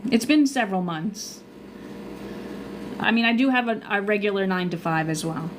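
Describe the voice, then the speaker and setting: A woman's voice: medium pitch, moderate pace, noisy background. A woman with a Long Island accent, chatting casually on a livestream as a travel agent answering cruise questions, and sometimes losing her train of thought. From Long Island, New York.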